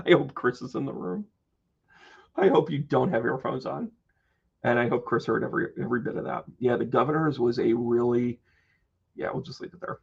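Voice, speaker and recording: A man hosting a live-stream tarot reading who chats with viewers, playful and joking with quick asides. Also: medium pitch, creaky, breathy edge, highs cut off. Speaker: psychic medium and tarot reader.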